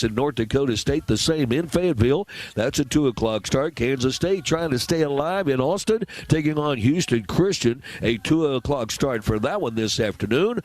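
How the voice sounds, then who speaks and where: A man hosting a sports radio broadcast, briskly reading scores, schedules and sponsor messages in a steady announcer voice. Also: mid-range voice. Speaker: radio play-by-play host.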